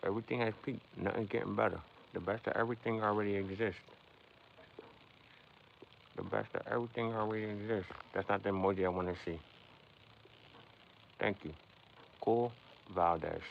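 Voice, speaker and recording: Gravelly low-voiced man on a livestream. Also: fairly even intonation, normal speed, pauses often. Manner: rambling, philosophizing, addressing chat directly. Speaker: livestream host. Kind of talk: casual livestream chat. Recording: dull lo-fi sound with faint background noise.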